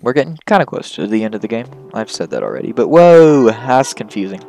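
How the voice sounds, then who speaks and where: A man's voice: fairly low pitch, big pitch swings, fast talker, gravelly, slight background noise, rough recording. A young man casually commenting on a video game, reading its dialogue aloud in his own voice and adding joking, rambling asides. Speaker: let's play host. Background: faint game music.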